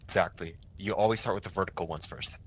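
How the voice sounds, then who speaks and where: A man's voice: sits low, steady tone, fast, slightly rough. A young man running a casual milsim signals training, talking loosely and swearing, with many restarts. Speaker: milsim instructor.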